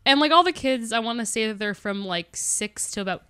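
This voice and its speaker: A woman's voice: fairly high pitch, animated, a little fast, pushed and bright, clear, resonant tone, no room sound, studio quality. A young woman co-hosting a podcast in casual chat, explaining a story at length with many fillers. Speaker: podcast co-host.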